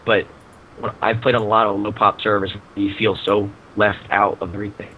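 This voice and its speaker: A man's voice: on the low side, flat delivery, fairly quick, phone-quality sound, a little hiss or hum. A man in a casual gaming chat who pokes fun at himself and his complaints. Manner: self-deprecating, laughs at himself.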